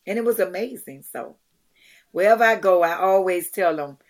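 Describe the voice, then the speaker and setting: Woman guest, middle-aged, lively storyteller who acts out each quote, casual interview chat. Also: lowish voice, moderate pace. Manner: animated, acts out quotes, many restarts. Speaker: guest, charity founder. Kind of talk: conversational storytelling.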